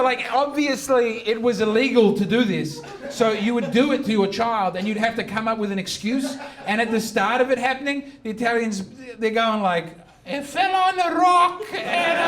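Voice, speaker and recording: A brash stand-up comedian with a very high male voice who delivers provocative material with mock earnestness. He is recorded from a distance in an echoey live venue, and a crowd laughs and reacts behind him.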